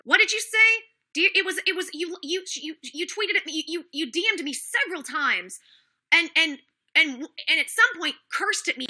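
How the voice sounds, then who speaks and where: A woman's voice: sits high, sharp tone. A woman hosting a livestream, angrily defending herself and answering chat viewers by name, with frequent repetitions and indignant outbursts. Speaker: livestream host.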